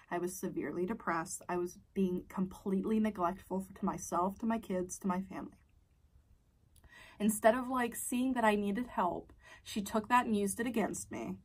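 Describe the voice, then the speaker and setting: Candid woman vlogger, somewhat low voice. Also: recorded from a distance. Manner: candid, swearing, drops into whispers. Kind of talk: casual storytime chat.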